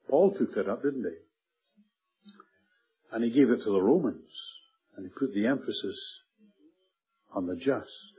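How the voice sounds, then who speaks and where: A man with a husky, breathy voice preaches a sermon with earnest emphasis. He slows down and falls to a hush at the end of key phrases. The recording sounds dull and lo-fi. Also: mid-range voice.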